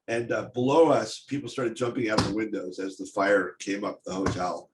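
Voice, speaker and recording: An older man giving a personal storytelling talk on stage, speaking in a halting, intense way with many restarts. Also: fairly low pitch, fairly even intonation. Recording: echoey room, faint noise.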